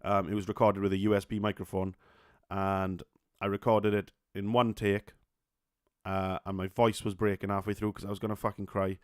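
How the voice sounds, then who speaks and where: A man's voice: lowish voice, level tone, normal speed, dry recording, clean studio sound. A young man with a Welsh accent hosting a solo podcast, talking casually with many fillers, restarts and swear words. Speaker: podcast host.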